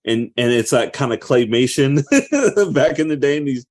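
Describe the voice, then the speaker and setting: A man in his thirties, co-hosting a podcast, telling stories in an animated, laughing way. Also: mid-range voice, normal speed. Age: 30s. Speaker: podcast co-host. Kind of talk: casual chat.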